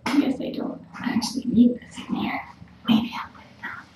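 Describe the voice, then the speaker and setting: A woman's voice: sits high, sing-song, moderate pace. A woman cooing and half-whispering to kittens while chatting casually on a live stream. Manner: soft cooing baby talk, often whispered. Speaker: cat rescuer streaming live. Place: room with kittens. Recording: echoey room, far from mic, faint noise.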